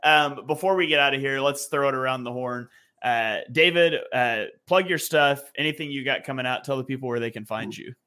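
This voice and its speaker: A man's voice: mid-range voice, a little fast, bright, forceful tone. A man hosting a casual sports podcast panel over a remote call, laughing often and steering the talk. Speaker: podcast host.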